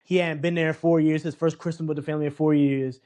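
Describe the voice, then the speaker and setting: On a laid-back film review podcast, a co-host with a fairly high voice speaks quickly. He recounts scenes in a lively way and imitates lines from the movie.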